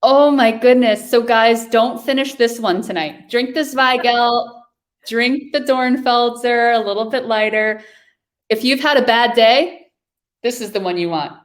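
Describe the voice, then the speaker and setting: A woman's voice: fairly high pitch, measured pace. Chatty woman hosting a wine tasting. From New York. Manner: chatty, enthusiastic describing wines. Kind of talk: casual chat during a virtual wine tasting. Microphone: video call.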